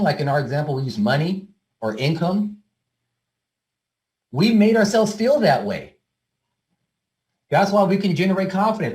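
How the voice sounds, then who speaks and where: A man's voice: a little high, darkish tone. A man giving a motivational talk to a group, addressing them directly in a casual, conversational way with the odd "um". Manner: conversational, addresses the audience directly, frequent "um" and repeats. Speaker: workshop speaker.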